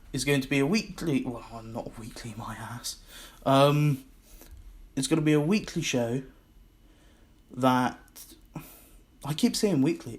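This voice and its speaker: A man with a Scottish accent hosting his own podcast, rambling and self-mocking in a casual solo monologue. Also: mid-range voice. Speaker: podcast host.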